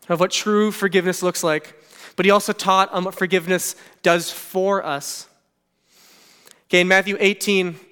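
A man's voice: high voice, sharp tone, clean tone, long reverb tail. A man preaching a sermon in an earnest manner, retelling scripture in his own casual words with frequent "okay" asides. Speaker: pastor.

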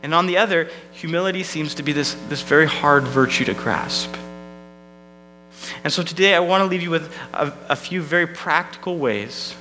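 A man's voice: on the high side, normal speed, bright, forceful tone, soft background music, rough recording. A man preaching a sermon as pastor, in a conversational, self-deprecating way with frequent restarts.

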